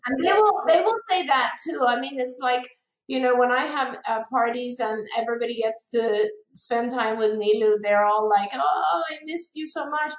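Woman, host, earnest, effusive, fairly high pitch, roomy echo. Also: fairly even intonation, normal speed. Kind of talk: warm appreciative conversation.

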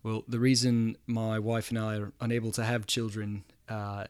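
A man imitating a deadpan male comedian in a put-on New Zealand accent during stage banter. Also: lowish voice, moderate pace, smooth, no room sound, natural voice.

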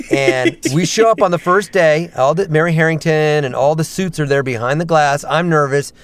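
Lively storytelling male voice actor. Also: on the high side. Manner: lively storyteller, quick jumps into character voices. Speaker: voice actor and stand-up comedian. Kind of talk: animated anecdotes with voice impressions.

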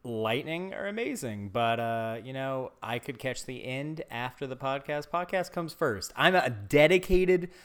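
A man's voice: medium pitch, animated, unhurried, few pauses, clean tone. A young man co-hosting a podcast in casual chat, joking and laughing often. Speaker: podcast co-host.

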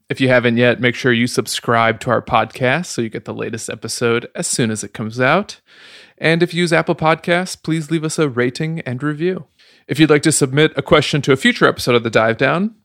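A man's voice: medium pitch, a bit bright, dry recording. A young adult man reading a podcast's closing promos into a studio mic. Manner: reads sign-off promos briskly. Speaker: podcast co-host. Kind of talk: podcast outro and banter. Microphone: studio mic with headphones.

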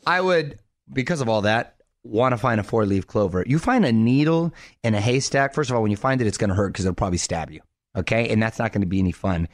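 A man's voice: fairly low pitch, fast, dry recording. Upbeat male radio host, dry studio sound. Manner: energetic, playful, laughs often. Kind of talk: upbeat radio banter and promos.

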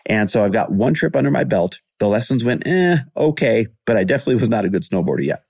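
A man's voice: fairly low pitch, expressive, very fast, vocal fry, darkish tone, husky, no echo, studio quality. A man in his forties telling a personal story in a candid, conversational way as a podcast host, acting out what people said. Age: 40s. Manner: candid, conversational, acts out quoted dialogue.

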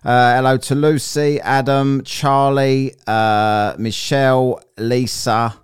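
A man's voice: medium pitch, level tone, slow pace, clean tone. A man hosting a podcast live stream, reading crime stories aloud and breaking off to joke about them. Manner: jokey, reads aloud then riffs. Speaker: podcast host.

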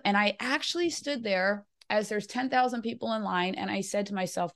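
A woman hosting a casual chat, sharing a personal story in an earnest, open way. Her voice sits at an ordinary pitch for a woman. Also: normal speed, hardly any pauses. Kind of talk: casual conversation.

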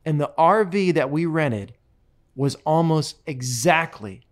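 A man's voice: a little high, animated, takes it slowly. A man hosting a show, chatting casually and telling rambling, joking stories into a studio microphone. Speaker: show host and touring musician. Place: radio studio.

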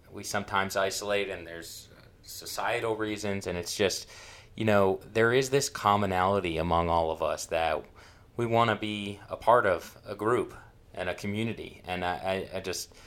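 Deep-voiced hesitant male host. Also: fairly bright tone. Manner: thoughtful, hesitant, with many fillers. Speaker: podcast host. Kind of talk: interview question.

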